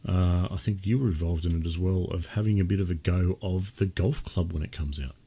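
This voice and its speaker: A man's voice: low voice, a little fast, dark tone, husky. A man co-hosting a casual gaming podcast, chatting loosely and rambling with many restarts. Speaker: podcast co-host. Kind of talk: casual chat.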